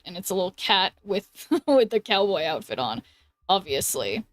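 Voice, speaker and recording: A woman's voice: fairly low pitch, sing-song, normal speed, a bit bright, dry recording. An American woman streaming a game, chatting casually and giggling, trailing off with ums. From United States. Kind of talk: casual chat while gaming. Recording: dry close mic with faint background music.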